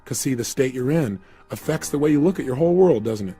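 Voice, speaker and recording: A man's voice: medium pitch, expressive, fast talker, mellow, soft background music. A man giving a guided motivational talk, emphatically firing repeated questions at the listener. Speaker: motivational speaker.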